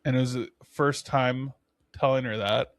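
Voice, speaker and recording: A young man co-hosting a podcast in casual chat, animated and laughing as he acts out his own reactions. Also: medium pitch, normal speed, no room sound, clean studio sound. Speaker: podcast co-host.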